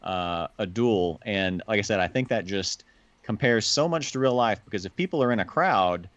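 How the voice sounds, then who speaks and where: A man co-hosting a podcast, talking thoughtfully and haltingly with lots of fillers. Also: on the low side, animated, fairly bright tone, dry recording, highs cut off. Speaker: podcast co-host. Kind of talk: casual film discussion.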